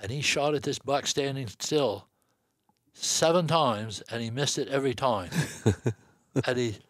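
A man's voice: mid-range voice, measured pace, no room sound, studio quality. An older man from the northeastern United States, a guest telling a long hunting story in a folksy way, laughing between lines. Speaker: guest hunter. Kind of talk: storytelling in casual chat.

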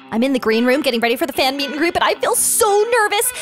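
High chatty lady narrating her game vid, bouncy voice, music kinda faint behind. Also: quick pace, few pauses. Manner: excitable, chatty, giggly. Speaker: game vlogger.

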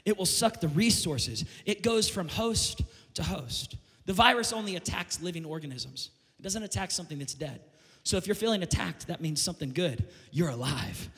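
A man preaching a sermon as pastor, impassioned and building to shouted climaxes. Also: sits high, expressive, normal speed. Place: church sanctuary. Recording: long reverb of a church hall.

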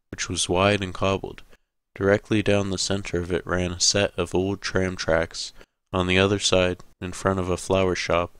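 A man narrating an audiobook in a deep, steady voice with little rise and fall. His tone is smooth and resonant. The recording is close and completely dry. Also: no echo. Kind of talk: scripted narration.

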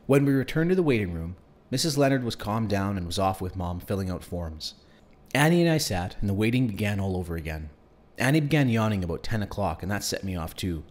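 A man's voice: on the low side, animated, fairly quick, darkish tone. A man reading a novel aloud in the first person, telling the story expressively. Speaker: audiobook reader.

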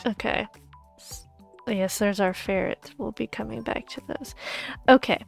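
A young woman streaming a pet game, gushing and cooing over the animals and often dropping into soft whispers. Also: medium pitch, unhurried, vocal fry. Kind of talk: casual gaming stream chatter. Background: faint background music.

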